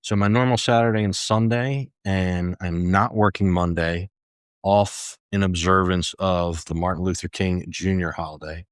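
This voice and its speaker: A man's voice: deep voice, fairly even intonation, moderate pace, smooth, no room sound, studio quality. An older man hosting a solo podcast, talking in an easygoing, self-deprecating way. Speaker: podcast host.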